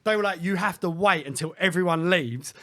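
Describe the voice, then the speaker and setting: A man telling lively, laughing stories as a guest on a casual podcast. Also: high voice, fairly quick. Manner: animated, laughs often, acts out quoted voices. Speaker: guest DJ and producer.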